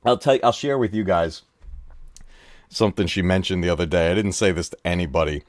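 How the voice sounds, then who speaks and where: A man hosting a casual live gaming stream from home, excitable and laughing often as he talks to his chat. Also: sits low, brisk, no echo. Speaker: gaming channel host. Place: home room.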